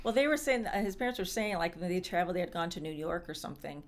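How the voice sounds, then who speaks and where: A woman's voice: lowish voice, expressive, fast talker. A middle-aged woman co-hosting a casual chat, rambling and full of fillers. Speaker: co-host.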